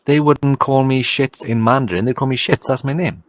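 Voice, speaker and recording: A man's voice: medium pitch, fairly quick, no echo. A man co-hosting a casual podcast chat, blunt and jokey as he argues his points. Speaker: podcast co-host.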